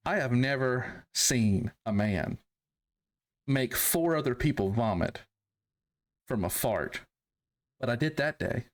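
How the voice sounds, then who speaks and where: A young adult man, an army veteran guest on a podcast, telling stories casually, with plenty of swearing and loud, high-pitched acted-out quotes. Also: takes it slowly, pauses often. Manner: animated, profane, acts out quotes in loud high voices. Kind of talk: casual storytelling.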